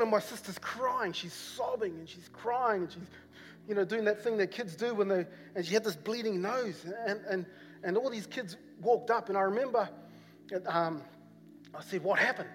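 Preaching in a church hall, a pastor from New Zealand tells a meandering personal story peppered with fillers and repetition, in his New Zealand accent. He has a high-pitched voice and keeps a moderate pace. Faint music and a long church-hall reverb are audible.

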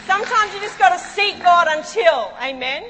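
A woman pastor preaching a sermon, telling a story and acting out what people said, with animated exclamations. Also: very high voice, moderate pace, big-room sound, music in the background, low-quality recording. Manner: animated, acts out quotes, exclaims.

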